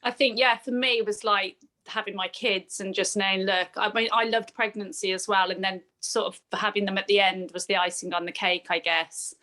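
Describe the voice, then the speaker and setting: A woman in a wellbeing group, sharing personal experiences in a thoughtful, halting way. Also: mid-range voice, steady tone, pushed and bright. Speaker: group member.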